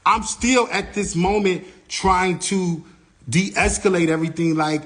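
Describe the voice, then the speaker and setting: A man vlogging, casually retelling a backstage incident in an animated way and acting out what people said. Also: high-pitched, unhurried. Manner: animated retelling, acts out quoted dialogue, many "like" fillers. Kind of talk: casual storytelling vlog.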